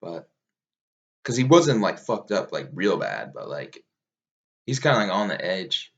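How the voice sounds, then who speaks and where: A laid-back man recounts his race in a loose, rambling way, dropping casual swears and laughing at himself as he goes. His voice sits on the low side, and the recording sounds dull and muffled. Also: sing-song, measured pace, gravelly. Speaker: ultramarathon runner recounting a race. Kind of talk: casual recap vlog.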